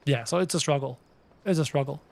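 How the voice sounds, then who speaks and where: A man streaming a game and chatting casually with viewers, a projecting, energetic talker with faint game music behind. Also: fairly high pitch, fairly quick, gravelly. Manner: projects his voice, loud and energetic. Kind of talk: casual live-stream chat.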